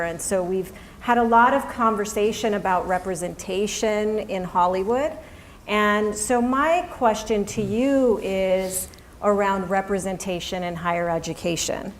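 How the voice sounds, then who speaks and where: Middle-aged female moderator, deliberate and earnest, light background hiss. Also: medium pitch. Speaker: forum moderator. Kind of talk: moderating a public forum.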